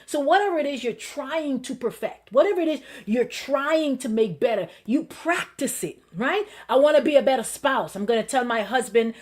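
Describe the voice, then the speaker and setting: Middle-aged lady pastor preaching, kinda high voice, lots of repeating and asking questions, goes real soft when she coaches herself. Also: lively intonation, normal speed, hardly any pauses. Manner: conversational preaching with repetition and rhetorical questions; drops to a soft murmur when quoting her self-talk. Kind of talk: sermon.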